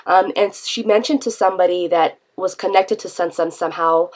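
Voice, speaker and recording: A woman's voice: on the low side, normal speed, hardly any pauses. A woman talking through an unscripted casual vlog, rambling with frequent ums and restarts. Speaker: vlogger.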